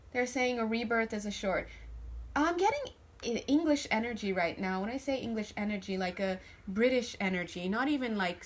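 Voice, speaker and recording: A woman's voice: medium pitch, fairly bright tone. A woman giving a casual spiritual tarot reading to camera, chatty and joking with viewers, often restarting her sentences. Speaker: tarot reader.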